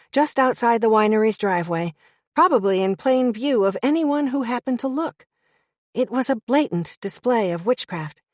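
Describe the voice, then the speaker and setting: A woman narrating a first-person audiobook in a clear, even way. Her pitch sits in the middle range. The recording is dry and close to the mic. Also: no echo.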